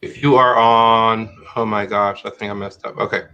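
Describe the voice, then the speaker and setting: Man, middle-aged, livestream host, bright ringing voice, rambling chatty delivery. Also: lowish voice, fairly even intonation, moderate pace, highs cut off. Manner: rambling, restarts sentences, thinks aloud. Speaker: host of a live-streamed talk show. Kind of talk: casual livestream chat.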